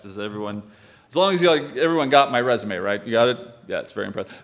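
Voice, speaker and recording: A man's voice: mid-range voice, fast talker, a bit bright. A male pastor preaching a sermon in a conversational way, with wry asides to the congregation.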